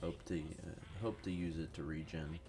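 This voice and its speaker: This man's voice is low and steady, moving at a moderate pace. He's a gaming YouTuber, sick with a cold, who rambles casually over strategy gameplay, swearing freely and poking fun at himself.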